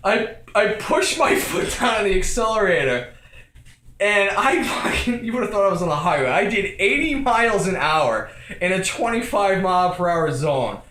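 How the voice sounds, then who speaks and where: A young man telling a comic story from his own life, building to shouts and laughter as he acts it out. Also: high voice, moderate pace, echoey room. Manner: animated, escalating, acts out quotes with shouts and laughter.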